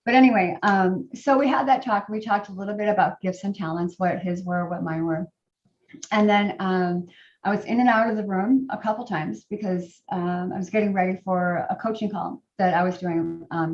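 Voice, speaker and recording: A middle-aged woman telling a personal story to a group, in a halting way with many fillers and restarts. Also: on the low side, fairly even intonation. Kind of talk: personal testimony talk. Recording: roomy, distant, dull sound.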